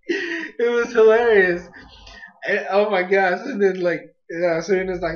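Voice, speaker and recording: A man talks through an episode review in a loose, rambling way, full of fillers and amused asides. His voice sits a bit high for a man. The recording is muffled and lo-fi. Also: normal speed, a bit bright. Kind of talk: casual spoken review.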